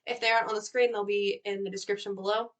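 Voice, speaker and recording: A young woman with a Southern US accent, co-hosting a casual vlog and telling stories in an animated way, with lots of "like". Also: mid-range voice, fast. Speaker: co-host. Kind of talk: casual chat.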